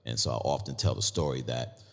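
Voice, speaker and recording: A male podcast host with an extremely deep voice and a gravelly edge speaks in a reflective, conversational way. A long reverb hangs on the recording. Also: a little fast. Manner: reflective, conversational, fills with "you know". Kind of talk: casual conversation.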